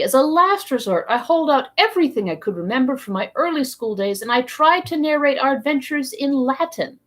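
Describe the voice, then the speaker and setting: A woman reading a novel aloud for a library program, narrating in the first person with expressive delivery. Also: fairly high pitch. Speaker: library storytime reader.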